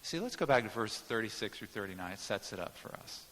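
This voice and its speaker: A man's voice: lowish voice, lively intonation, quick pace, a bit bright, long reverb tail, slight background noise. A man preaching a sermon, teaching in an emphatic way and explaining Greek words to the congregation. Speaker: pastor.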